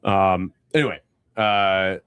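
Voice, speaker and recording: A man's voice: sits low, fairly even intonation, slow, fairly bright tone, smooth, no echo. A man co-hosting a podcast in casual, rambling chat with many fillers. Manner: rambling, lots of fillers and laughs. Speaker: podcast co-host.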